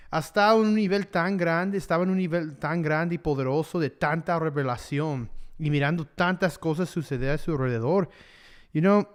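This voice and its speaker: A young man preaching casually on a livestream, switching between English and Spanish and joking along the way. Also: on the high side. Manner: chatty, joking, loose with fillers.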